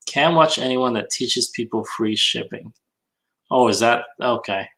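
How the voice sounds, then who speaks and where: A man's voice: medium pitch, measured pace, a bit bright, low-quality recording. A man on a casual livestream hangout, chatting and reading comments while he works, often muttering to himself.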